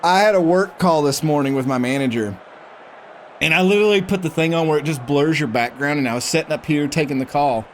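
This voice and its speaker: A man's voice: on the high side, brisk, a little hiss or hum. A man streaming a football management game, chatting casually and reading the game's prompts aloud as he reacts to them. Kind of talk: casual gameplay commentary.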